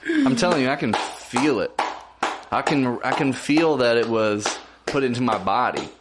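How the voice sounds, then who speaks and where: A man's voice: medium pitch, sing-song, moderate pace, noisy background. A man co-hosting a casual podcast chat, teasing and laughing easily. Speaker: podcast co-host.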